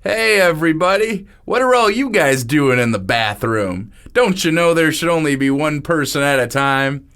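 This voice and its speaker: Man doing a dorky young party host, corny jokes, loud and higher, lively. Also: moderate pace, hardly any pauses. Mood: goofy. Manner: corny, joking. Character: goofy clueless young man throwing a party.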